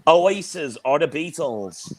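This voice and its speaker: A man's voice: a little high, lively intonation, slow pace. A man with an Irish accent, co-hosting a casual chat show, laid-back and matey. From Dublin, Ireland. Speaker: co-host.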